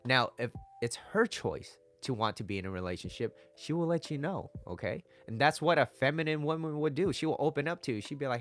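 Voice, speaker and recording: A man's voice: medium pitch, expressive, a little fast, hardly any pauses, fairly bright tone. A man talking casually as a dating coach, coaxing and conversational, often repeating himself. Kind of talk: casual advice talk to camera.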